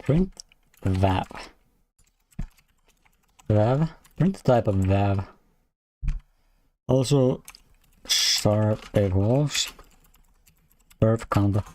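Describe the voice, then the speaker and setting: Over keyboard typing, a man streams his coding session, muttering clipped half-sentences to himself and swearing when things break. His lowish, darkish voice is expressive yet very slow, with long pauses.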